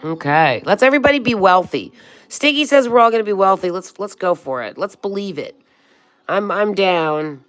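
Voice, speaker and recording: She's in her sixties, chatting casually on a livestream and reading comments aloud. Her mid-range voice is animated and moves at normal speed, with honey and sweetheart for her viewers and an occasional swear.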